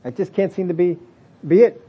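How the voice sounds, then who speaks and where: A man's voice: high voice, a little fast, husky. A man preaching a sermon in a plain-spoken way, acting out the excuses people make in different voices. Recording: dull lo-fi audio recording.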